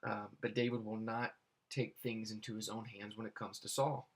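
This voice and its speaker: A man reading Bible verses aloud and explaining them in a halting way, with many fillers and restarts. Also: fairly low pitch, flat delivery. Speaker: Bible teacher.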